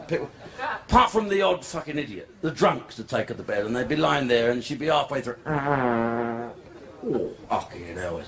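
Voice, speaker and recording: A man's voice: mid-range voice, lively intonation, fast talker, creaky. An older man performing a crude, rambling, profane stand-up routine on a comedy club stage. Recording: live club with crowd laughter.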